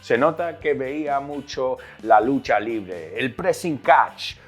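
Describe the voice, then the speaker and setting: A man with a Northeastern US accent hosting a playful, energetic English lesson, switching between English and Spanish, with an announcer-style delivery. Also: mid-range voice, measured pace, faint music behind. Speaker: English teacher and host.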